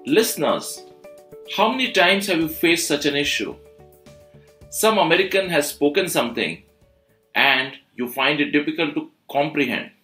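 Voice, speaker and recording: Upbeat guy running a podcast, kinda high voice, bouncy, echoey room. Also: expressive, normal speed, pushed and bright, soft background music. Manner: upbeat, questioning interviewer. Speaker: podcast host and institute founder. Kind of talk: hosting an English-learning podcast.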